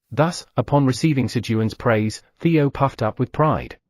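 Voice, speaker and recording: A man reading an audiobook novel in steady, scripted narration. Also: medium pitch, a little slow, hardly any pauses, no room sound. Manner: steady storytelling read.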